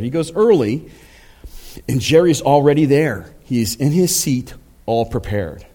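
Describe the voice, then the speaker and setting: A man's voice: medium pitch, expressive, a little slow, mellow. A male pastor preaching a sermon in a conversational storytelling way, with frequent fillers and asides to the congregation.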